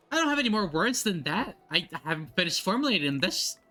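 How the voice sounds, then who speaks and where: A streamer commenting live on a game, excitable and profane, with sudden outbursts. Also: medium pitch, fast, few pauses, soft background music.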